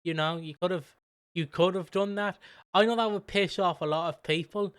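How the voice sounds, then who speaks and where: A podcast co-host rambles animatedly through his points, restarting often and swearing freely, in a smooth, clear voice that sits a little high. He speaks at normal speed, and the studio-quality recording has no echo.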